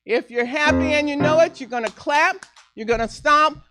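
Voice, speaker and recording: A middle-aged woman minister giving a playful sermon, slow and deliberate, laughing easily as she leads the group. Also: sits high. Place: church sanctuary. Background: faint piano.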